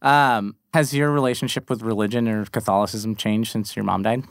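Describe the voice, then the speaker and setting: A man hosting a podcast interview, listening supportively and asking gentle personal questions. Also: lowish voice, steady tone, brisk, dry recording, studio quality. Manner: warm, supportive listener with short affirmations. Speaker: interview host.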